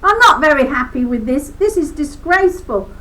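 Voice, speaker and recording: High-voiced woman in her seventies, ranting. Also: expressive, moderate pace, fairly bright tone, low-quality recording. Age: 70s. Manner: indignant, emphatic, repeats words for force. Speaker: reader of a book. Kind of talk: reading a book aloud with ranting commentary.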